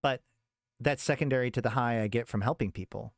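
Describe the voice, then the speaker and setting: A man's voice: medium pitch, brisk, gravelly, no echo, studio quality, close to an everyday voice. A man voicing a suave, wealthy male drug dealer who stays polite and amused, read from a story. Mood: smooth.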